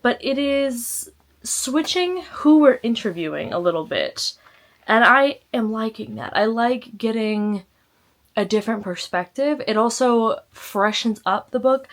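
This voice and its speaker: Woman book vlogger, chatty and reflective, mid-range voice. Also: medium pitch. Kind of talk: casual reading check-in.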